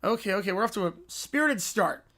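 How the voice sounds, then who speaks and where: A man's voice: high-pitched, lively intonation, a little fast, bright, forceful tone, voice pushed down, full character voice. A man voicing a fed-up middle-aged football commentator who talks in a weary, sighing way. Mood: exasperated.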